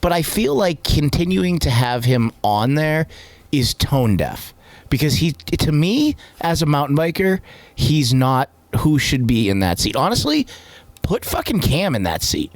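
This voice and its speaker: A man co-hosting a casual podcast, his voice sitting a touch high and swinging widely in pitch. He rambles, restarts his sentences and swears casually. The sound is dry and close. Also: big pitch swings, measured pace, no echo. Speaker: podcast co-host. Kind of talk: casual chat.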